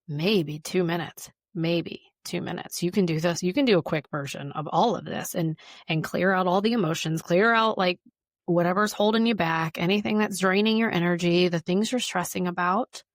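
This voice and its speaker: A woman's voice: lowish voice, gravelly, dry recording, clean studio sound. A woman hosting a wellness podcast, talking casually and informally and repeating words for emphasis.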